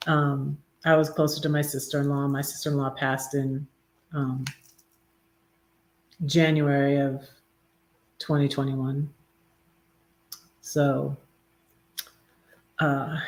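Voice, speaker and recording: A woman's voice: a bass voice, little pitch movement, slow pace, long pauses. Rambling woman hosting a livestream. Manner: rambling, lots of ums and restarts; reads own poems softly and tenderly. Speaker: livestream host reading poetry and devotions. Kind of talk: casual live chat with poetry reading.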